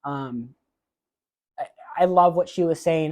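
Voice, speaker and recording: A man hosting a solo movie podcast, chatting casually and giving blunt opinions with frequent filler pauses. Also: on the high side, a little mellow, highs cut off. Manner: openly emotional about awards moments.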